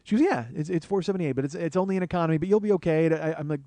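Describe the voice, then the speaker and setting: A man telling a long comic story on his show, swearing often, starting in low murmurs and building to excited, rising outbursts. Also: very fast, few pauses, no echo. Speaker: comedian and podcast host. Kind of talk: storytelling monologue.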